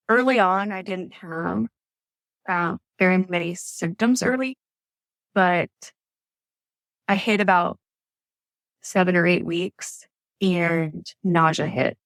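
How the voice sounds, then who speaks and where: A nurse appears as a podcast guest, telling her story in a chatty, filler-heavy way during a casual interview. Her mid-range voice has a fairly bright tone, and the recording is dry.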